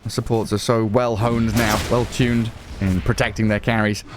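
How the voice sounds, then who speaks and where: A man with a Northern English accent giving lively play-by-play commentary on an esports match, excitable and quick to laugh. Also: fairly low pitch, background noise. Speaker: esports caster. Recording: music playing underneath.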